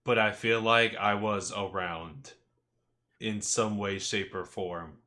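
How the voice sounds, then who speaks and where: A young man co-hosting a podcast, chatting slowly and reflectively. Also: lowish voice, fairly even intonation, bright, forceful tone. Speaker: podcast co-host. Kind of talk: casual chat.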